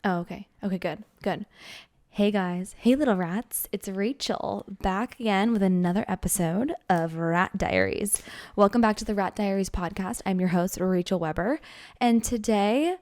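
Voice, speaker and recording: Young woman, podcast host, casual chat, playful, quick bursts. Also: mid-range voice, a little mellow. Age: 20s.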